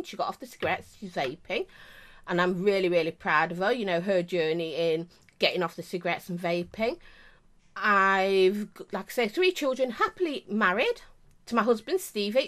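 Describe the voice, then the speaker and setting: A woman's voice: mid-range voice, fairly bright tone. A middle-aged woman with an English accent, chatting casually to camera as a vape reviewer, rambling with many asides.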